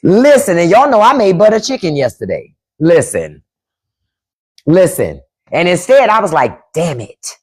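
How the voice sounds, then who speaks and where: A woman hosting a live stream, giving loud opinions in casual chat, swearing freely and repeating her points while answering the chat. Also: fairly low pitch, very animated, moderate pace, husky. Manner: profane, opinionated. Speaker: podcast host on a live stream. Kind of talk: casual livestream commentary.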